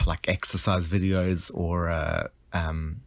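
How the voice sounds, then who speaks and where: A man's voice: low-pitched, level tone, slow pace, creaky, no echo. A man co-hosting a podcast in casual chat, easygoing and giggly as he explains things. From Australia. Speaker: podcast co-host.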